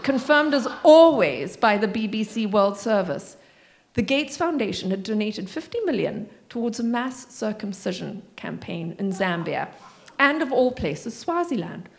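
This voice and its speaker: A woman's voice: medium pitch, big pitch swings, normal speed, gravelly, darkish tone. A woman author in a library community room, reading expressively from her memoir and answering audience questions with wry asides.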